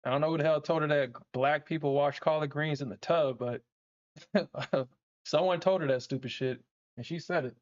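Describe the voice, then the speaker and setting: A man's voice: fairly high pitch, moderate pace. A man hosting a live trading stream, chatting casually, swearing and laughing as he talks. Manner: animated, swearing, laughing often. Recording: dull lo-fi stream audio.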